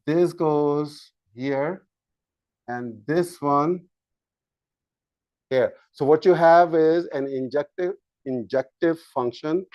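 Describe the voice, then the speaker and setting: A man lecturing a university math class, slow and halting, with frequent fillers and restarts while he draws on the board. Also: medium pitch, darkish tone, no room sound. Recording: dull lo-fi lecture capture.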